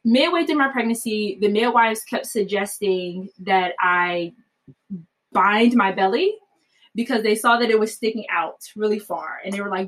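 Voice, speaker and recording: A woman telling a personal story in a chatty, animated way, full of fillers and frequent laughs. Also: mid-range voice, normal speed, low-quality recording. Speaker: mother telling her birth story.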